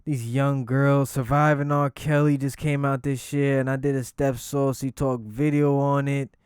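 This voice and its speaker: A man hosting a casual commentary vlog, talking in an unhurried, drawn-out way and swearing freely. He gets animated and laughs through his stories. His mid-pitched voice sits close to the microphone in a dry, dead room. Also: clear, resonant tone, no room sound.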